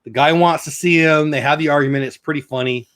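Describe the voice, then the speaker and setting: A man's voice: a little high, steady tone, quick pace, a bit bright. A middle-aged man hosting a casual news chat, reading reports aloud and breaking in with his own asides. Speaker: show host.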